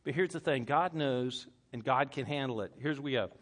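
Bright-voiced man preaching a sermon. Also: medium pitch, a little fast. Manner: conversational preaching with stammered repeats and laughter. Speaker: pastor. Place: room with a congregation.

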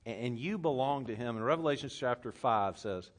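A man with a Southern US accent preaching a sermon as pastor, telling stories with lively swings between loud bursts and hushed passages. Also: mid-range voice, normal speed, few pauses. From Southern United States.

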